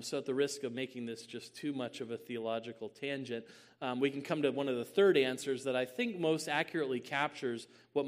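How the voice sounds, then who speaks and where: A man giving a theological teaching talk as a church teacher, measured with many "um"s and rising at times to a booming emphasis.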